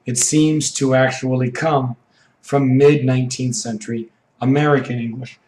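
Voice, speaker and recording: Hoarse froggy-voiced guy teaching english phrases, lots of "okay", echoey room. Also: medium pitch, steady tone, a little mellow. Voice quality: froggy, rough throat. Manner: slow, explanatory teaching with frequent "okay". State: hoarse from allergies. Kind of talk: idiom lesson for learners.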